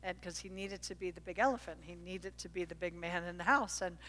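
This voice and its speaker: A middle-aged woman preaching a sermon, telling a family story with animated energy that jumps up at the high points. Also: a little fast, slight background noise. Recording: reverberant hall.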